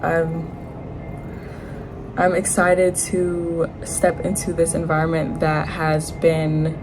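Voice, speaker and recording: A woman in her twenties nervously sharing her feelings in a personal testimony, halting and honest. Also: on the low side, rough recording. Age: 20s. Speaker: retreat participant.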